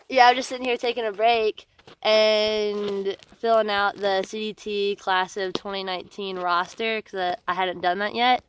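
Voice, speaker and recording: A woman hiker telling stories to the camera outdoors, chatty and animated, laughing often. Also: mid-range voice, slight background noise. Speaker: long-distance hiker vlogger. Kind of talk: casual storytelling to camera. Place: outdoors by a trail road.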